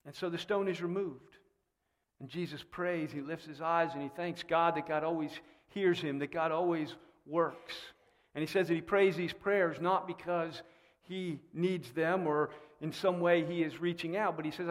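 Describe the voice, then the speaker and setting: A man preaching a sermon in a church, animated and fond of rhetorical questions. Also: on the high side, normal speed. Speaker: pastor. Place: church sanctuary. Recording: long reverb in a church hall.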